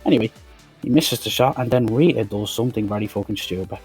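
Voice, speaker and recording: Husky guy swearing his way through a movie review, faint music underneath. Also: on the low side, fast talker, darkish tone. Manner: profane, blunt, exasperated. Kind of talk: casual film review rant.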